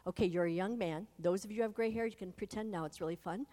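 Animated woman teaching in a hall. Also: mid-range voice, fast talker. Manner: animated, addresses listeners directly. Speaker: Bible teacher. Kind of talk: Bible storytelling to an adult audience. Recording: long hall reverb.

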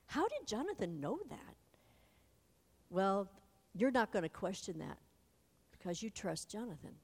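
A woman retelling a Bible story to an adult audience, animated and speaking straight to her listeners. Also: on the low side, a little slow, long pauses. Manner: animated, addresses listeners directly. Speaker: Bible teacher. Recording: long hall reverb.

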